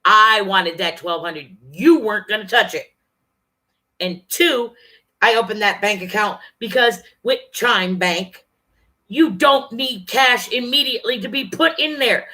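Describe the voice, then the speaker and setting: A woman's voice: mid-range voice, sharp tone. A woman venting angrily and profanely on her vlog, talking straight to her viewers. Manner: angry, profane, fast-shifting rant. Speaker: vlogger.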